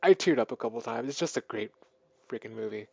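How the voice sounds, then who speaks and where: A man's voice: mid-range voice, quick pace, vocal fry, dry recording, muffled recording. A man giving a casual spoken film review, rambling through the plot with lots of fillers and restarts. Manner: rambling, filler-heavy, excited plot retelling. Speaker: movie reviewer.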